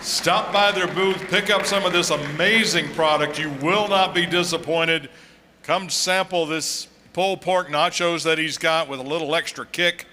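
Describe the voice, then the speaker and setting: A man's voice: on the high side, fairly even intonation, normal speed, pushed and bright, a little hiss or hum. Upbeat man emceeing over echoing PA. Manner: upbeat promotional announcer. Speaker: stage emcee. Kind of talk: announcing.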